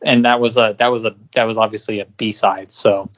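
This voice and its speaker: A man's voice: on the low side, little pitch movement, fairly quick. A man with an American accent co-hosting a podcast, giving opinionated, rambling music reviews with restarts and swearing. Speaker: podcast co-host. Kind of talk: casual music review chat.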